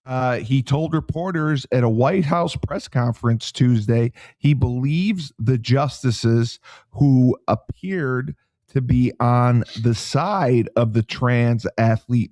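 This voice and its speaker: A man hosting a political talk podcast, joking and bantering, sometimes mock-menacing in a hush. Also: medium pitch, takes it slowly, dry recording. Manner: jokey, mock-menacing hushed delivery. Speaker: podcast host.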